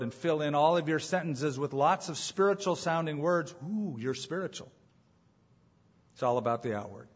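A man's voice: on the high side, breathy edge. A man preaching a sermon as pastor, emphatic, repeating his main points and asking rhetorical questions, on a dull lo-fi recording.

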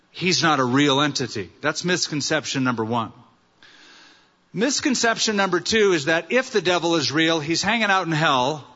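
A man's voice: on the high side, pushed and bright. A male pastor preaching a sermon, earnest and story-telling, using rhetorical questions. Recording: dull sound with long hall reverb.

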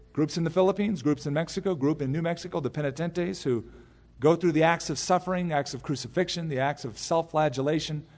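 A man preaching in a large church sanctuary, teaching through scripture verse by verse. He talks in a relaxed, conversational way and drops in personal stories. His voice sits a little high, and it carries a long echo around the hall. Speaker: pastor. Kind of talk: expository sermon.

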